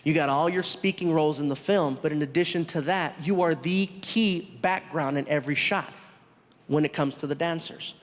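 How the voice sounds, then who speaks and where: A man voicing a calm male film director who gives an actor notes, speaking in a measured, coaching way. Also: a little high, pitched below the performer's own voice, close to an everyday voice. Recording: reverberant live venue.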